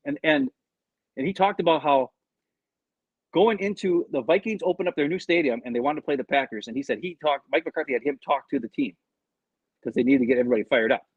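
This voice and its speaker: A man's voice: mid-range voice, fast talker, slightly rough, no room sound, dull audio. A man co-hosting a casual sports podcast, telling a story with lots of retold quotes, rambling restarts and swearing. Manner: animated storytelling, retelling quotes. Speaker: podcast co-host.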